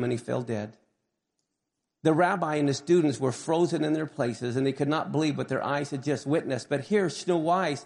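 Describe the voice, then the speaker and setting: A man preaching, retelling a story in an earnest, measured manner. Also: on the high side, creaky, darkish tone, in a large hall. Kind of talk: sermon storytelling.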